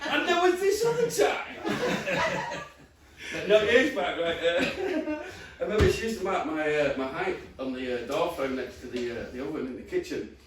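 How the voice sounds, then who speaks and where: Young man, stand-up comedian, high voice, roomy stage sound from a distance. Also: normal speed, background noise. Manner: lively storytelling with frequent laughter. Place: comedy venue with live audience. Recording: roomy stage audio from far off, crowd behind.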